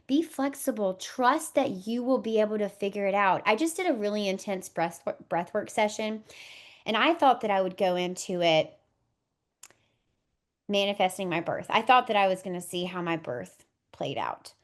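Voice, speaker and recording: Speaking at a moderate pace in an expressive, mid-range voice, a woman in her thirties joins a podcast interview as a guest. She is a doula expecting her first baby, and she comes across as earnest, heartfelt, and reflective.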